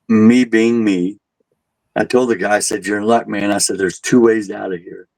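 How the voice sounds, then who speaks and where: A man's voice: fairly low pitch, brisk, no echo, low-quality recording. Laid-back man spinning a ghost story, dry sound. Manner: laid-back, animated when quoting people, chuckles at his own jokes. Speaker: haunted asylum tour guide. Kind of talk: casual storytelling.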